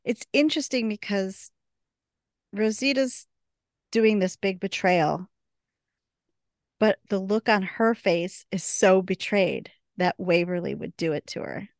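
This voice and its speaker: A woman's voice: mid-range voice, slow, pauses often, no room sound, clean studio sound. A woman co-hosting a podcast, eagerly retelling a TV episode in casual chat full of fillers. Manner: enthusiastic, retelling scenes with many fillers. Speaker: podcast co-host.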